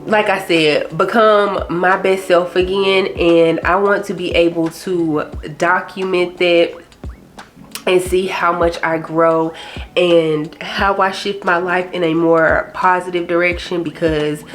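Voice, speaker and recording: Young woman vlogger, low voice, rambling and candid, casual slang. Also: slow, a bit bright, faint music behind. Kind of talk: chatty personal vlog talk.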